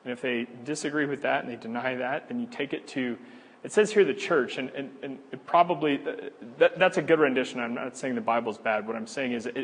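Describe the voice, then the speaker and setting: A man teaching a church class in a relaxed, conversational way, with frequent fillers and easy laughs. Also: medium pitch, slightly rough, in a large hall. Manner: conversational, laughs easily, many fillers and restarts. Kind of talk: casual teaching talk.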